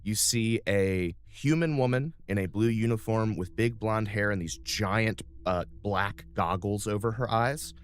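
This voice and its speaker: A man's voice: lowish voice, a little slow, few pauses, clean tone. A man narrating a tabletop game as game master, describing the scene in a loose, improvised way.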